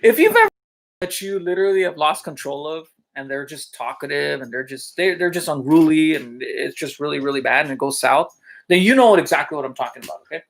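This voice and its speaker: A man with a gravelly, fry-edged voice who chats to the camera about his days as a teacher. He keeps asking his audience questions, fills gaps with little asides, and keeps breaking into laughter while he tells his stories. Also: on the high side, very animated, fast talker, fairly bright tone. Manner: chatty, with many fillers and check-ins to viewers. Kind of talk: casual storytelling vlog.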